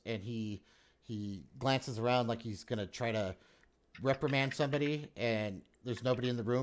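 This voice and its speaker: A man's voice: mid-range voice, moderate pace. Young man, game master, casual hesitant narration, filler-heavy.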